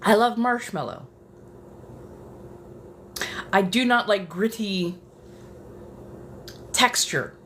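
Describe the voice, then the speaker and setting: A woman's voice: mid-range voice, expressive, extremely slow, long pauses, fairly bright tone, a little hiss or hum. A woman streamer chatting casually, swearing and getting dramatic, sometimes dropping into whispers. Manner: profane, dramatic, drifts into whispers. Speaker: ASMR streamer. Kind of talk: casual chat. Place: apartment.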